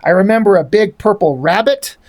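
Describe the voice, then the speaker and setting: A man voicing a confused young woman from a comic, reading her lines quiet and hesitant. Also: high voice, lively intonation, fairly quick, no room sound.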